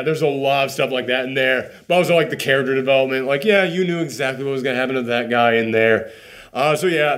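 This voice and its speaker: A man hosting a casual spoiler review, telling the plot with lots of "like" and acted-out bits. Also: medium pitch. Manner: animated storytelling, many "like" fillers. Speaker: movie reviewer host.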